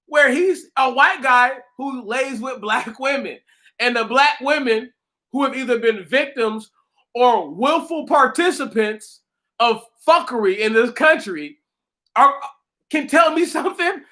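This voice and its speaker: A man ranting casually and profanely, mocking someone, often breaking into loud laughter and shouts while a little tipsy. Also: very high-pitched, measured pace. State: tipsy from drinking. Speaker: commentator reacting to a commenter. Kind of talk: casual reaction rant.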